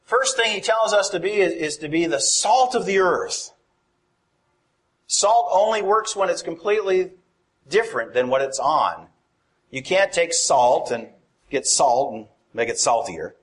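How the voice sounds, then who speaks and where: Male preacher, slightly high voice, chatty sermon delivery with questions to the congregation. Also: lively intonation, a little slow. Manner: conversational, asks the congregation questions.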